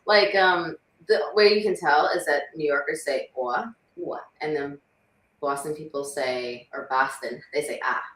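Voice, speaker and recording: A woman's voice: low voice, moderate pace, far from the mic. Playful woman chatting from off-mic. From New York. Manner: animated, playful, mimics accents. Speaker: guest. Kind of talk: casual chat. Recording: roomy, off-mic.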